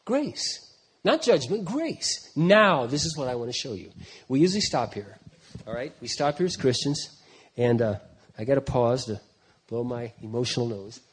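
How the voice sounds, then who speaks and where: A man in his fifties preaching a sermon as a pastor, swinging from quiet conversational asides to loud, emphatic passages, with frequent restarts. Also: medium pitch, normal speed, a little hiss or hum. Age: 50s.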